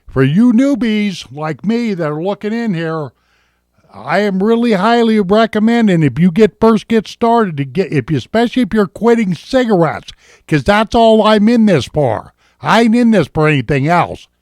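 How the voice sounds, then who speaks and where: A man's voice: high voice, animated, normal speed. A man from Montana, rambling folksily through a casual product review at home on a webcam. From Montana, USA. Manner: folksy, rambling, addresses viewers as ladies and gentlemen. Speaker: vlogger reviewing vape gear.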